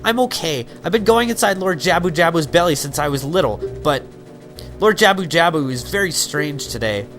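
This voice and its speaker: A haughty, spoiled fish princess with a snippy, bratty falsetto, pitched well above a normal male voice, as a man puts her on while playing. Game music plays steadily behind her. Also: lively intonation, normal speed, a bit bright.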